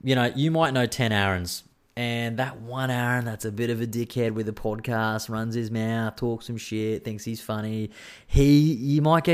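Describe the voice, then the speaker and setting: A man's voice: mid-range voice, normal speed, smooth. An Australian man hosting a podcast on his own, rambling in casual chat, swearing freely and joking at his own expense. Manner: rambling, profane, self-mocking banter. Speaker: podcast host.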